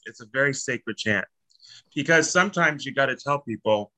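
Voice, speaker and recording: Blunt, bright-voiced man chatting. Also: medium pitch, normal speed, rough recording. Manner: animated, jokey and blunt, swears freely. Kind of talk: casual spiritual chat.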